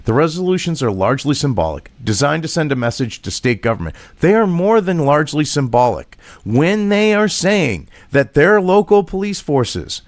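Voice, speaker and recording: Heated, lively-voiced man ranting. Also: fairly high pitch, normal speed, hardly any pauses, dry recording. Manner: heated, profane and sarcastic; reads an article aloud and rebuts it. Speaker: political commentator. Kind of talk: ranting commentary vlog.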